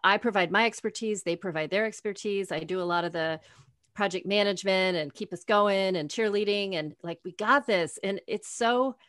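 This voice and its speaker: In a dry, close-sounding room, a woman in her forties talks as an interview guest. Her voice sits in a middle pitch, and her storytelling is animated, full of acted-out dialogue and frequent laughter. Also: normal speed, no room sound. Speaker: guest, author. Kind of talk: conversational interview.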